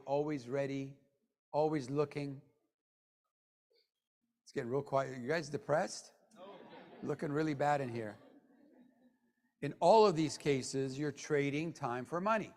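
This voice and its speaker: High-voiced joking man in a reverberant hall. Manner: joking, swings from low mutters to loud bursts. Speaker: sales trainer. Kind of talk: motivational training talk. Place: meeting room with an audience.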